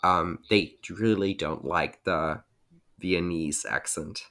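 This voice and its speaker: Very deep-voiced man. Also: slow pace, creaky, sharp tone. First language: German. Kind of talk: casual chat.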